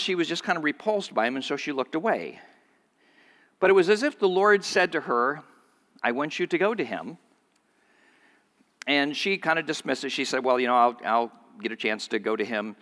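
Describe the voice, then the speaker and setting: A man's voice: a bit bright, big-room sound. A man preaching a sermon to his congregation, telling a story and acting out the voices of the people in it. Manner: storytelling, voices quoted speakers with pitch jumps. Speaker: pastor.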